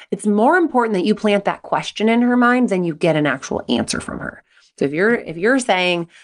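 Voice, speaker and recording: Woman, middle-aged, podcast host, casual advice talk, animated, storytelling, mid pitch. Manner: chatty, animated storytelling, acts out quotes.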